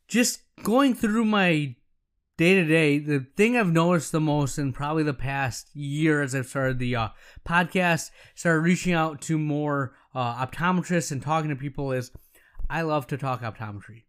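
A middle-aged man hosting a podcast for optometrists, giving casual business advice in a coaching manner and checking in with "right?" and "okay?". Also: fairly high pitch.

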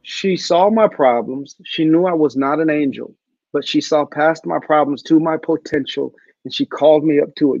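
A man's voice: fairly high pitch, normal speed, creaky, no echo, highs cut off. A man speaking as a guest over a video call, telling a personal story with animation and acting out the voices of others. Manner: animated storyteller who acts out quotes. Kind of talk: storytelling interview answer.

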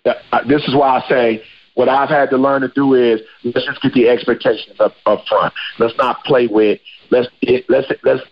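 A man hosting a podcast in casual chat, a slangy, animated storyteller. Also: medium pitch, moderate pace, muffled recording. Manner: slangy, animated storyteller who acts out quotes. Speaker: podcast host.

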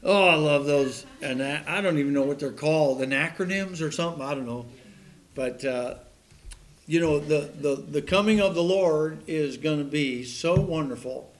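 A man's voice: a little high, moderate pace. A man preaching a sermon in a folksy, joking way, laughing at his own puns and stories.

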